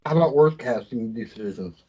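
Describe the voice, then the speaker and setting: A man's voice: mid-range voice, lively intonation, moderate pace, warm tone, breathy edge. A man co-hosting a casual podcast chat, often stammering and restarting his sentences. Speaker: podcast co-host. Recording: dull lo-fi sound.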